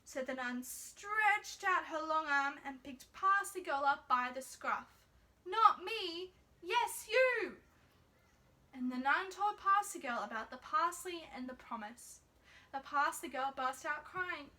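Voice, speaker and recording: A woman reads a fairy tale aloud in soft, measured narration. Her voice is very high and bright. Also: expressive. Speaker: storyteller.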